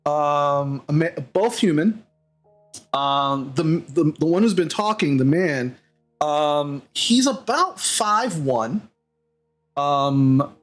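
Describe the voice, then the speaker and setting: A man narrating as game master of a tabletop game, rambling with fillers and restarts. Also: fairly high pitch. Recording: slightly dull mic, faint music behind.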